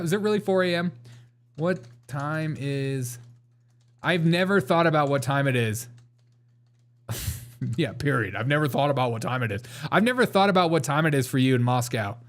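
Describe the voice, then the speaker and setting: A man's voice: on the high side, expressive, fairly quick. A man hosting a live show, chatting casually and rambling through jokes and chat replies, laughing often. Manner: reads chat and answers it.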